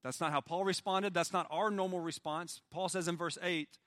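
Male pastor, sermon, earnest, loud to hushed swings, slightly high voice, dry close sound. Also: fairly even intonation, normal speed, few pauses, no room sound.

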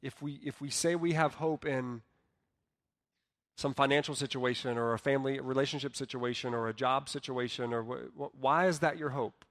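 A man preaching a sermon as pastor, earnest, dropping soft and then rising loud for emphasis. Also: mid-range voice, long reverb tail. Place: church hall.

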